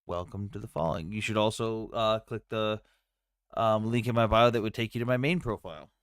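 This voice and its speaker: A man hosting a livestream in casual chat, blunt and quick to swear. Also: fairly low pitch, fairly even intonation, fairly bright tone, smooth, no room sound, clean studio sound. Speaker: livestream host.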